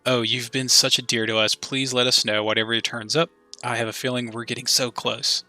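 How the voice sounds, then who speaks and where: A man voicing an older female cryptozoologist who talks in warm, cooing endearments. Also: medium pitch, level tone, a little fast, faint music behind. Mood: doting.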